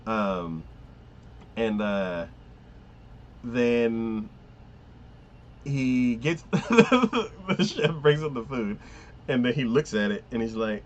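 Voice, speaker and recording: A man's voice: medium pitch, sing-song, very slow, pauses often, dull audio, a little hiss or hum. A man casually recapping an anime episode, rambling with many fillers, often laughing and acting out lines. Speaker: anime podcast host.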